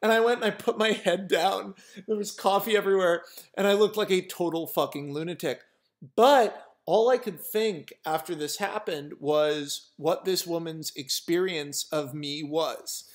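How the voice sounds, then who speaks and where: High-voiced man rambling through a funny story. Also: normal speed. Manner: rambling, filler-heavy, breaks into laughter. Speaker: vlogger. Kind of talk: casual storytelling to camera.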